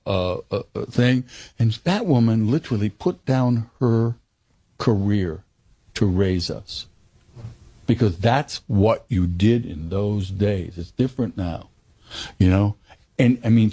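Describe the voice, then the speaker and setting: A man's voice: lowish voice, dry recording, clean studio sound. An older man in an interview, telling stories with acted-out quotes and hesitant restarts. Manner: animated storyteller, acts out quotes, hesitant restarts. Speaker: actor guest. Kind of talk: candid interview conversation.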